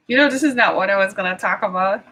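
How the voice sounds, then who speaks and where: A woman's voice: medium pitch, a bit bright. A middle-aged woman from Michigan delivering an impassioned political rant, full of indignant rhetorical questions and exasperation. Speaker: vlogger.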